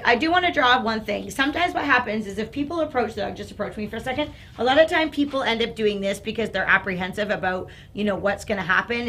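A woman dog trainer demonstrating and explaining on a live stream, indoors on a training floor. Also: mid-range voice. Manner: explanatory, coaxing dog in soft praise. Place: indoor training room with carpet.

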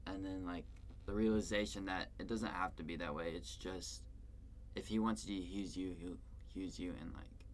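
A young adult man hosting a podcast, reflective and soft-spoken, with many "like" fillers. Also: sits low, fairly even intonation, moderate pace, a little hiss or hum. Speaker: podcast host. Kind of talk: casual faith conversation.

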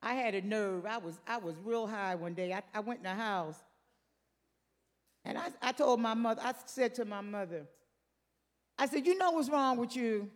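A woman's voice: medium pitch, normal speed, long pauses, in a large hall. An older woman preaching a sermon, emphatic, repeating her phrases and calling out to the congregation.

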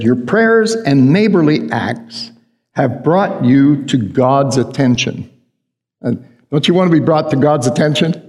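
A man of medium pitch and darkish tone delivers a sermon as a pastor, keeping it conversational and regularly questioning his congregation. The sound carries a long hall reverb.

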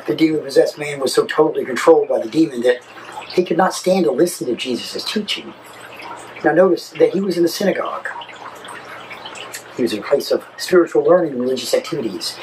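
A man's voice: mid-range voice, a little hiss or hum, rough recording. A man preaching a sermon as pastor, telling stories with emphasis. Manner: animated storytelling preacher, emphatic.

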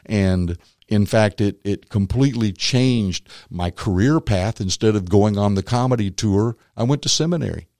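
A man, a former magician and comedian turned minister, tells his faith story as an interview guest, animated and acting out the voices of others. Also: fairly low pitch, normal speed, no room sound, studio quality. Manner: animated storyteller who acts out quotes. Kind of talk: personal faith testimony in conversation.

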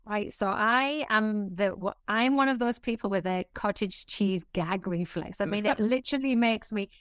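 A middle-aged woman chatting as a podcast guest, her voice sitting at an everyday pitch. She tells stories candidly and with animation. The sound is dry and close, with no room around it. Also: moderate pace, no room sound. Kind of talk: casual podcast chat.

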